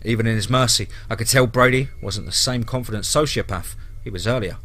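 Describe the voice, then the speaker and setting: A man's voice: mid-range voice, a little fast, a bit bright. A man narrating a scripted horror story in a dramatic, grim way.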